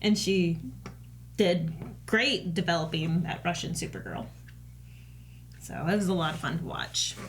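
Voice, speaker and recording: A woman's voice: fairly low pitch, a little slow, pauses often, a little hiss or hum. A middle-aged woman co-hosting a TV reaction show, chatting casually, laughing often and retelling scenes with animation. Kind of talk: casual chat.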